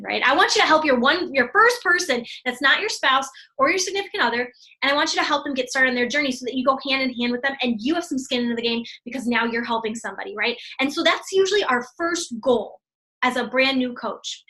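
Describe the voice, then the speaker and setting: A woman's voice: sits high, pushed and bright. A woman coach giving a motivational team training talk, enthusiastic and chatty, often checking in with "right?" and addressing her listeners as "you guys".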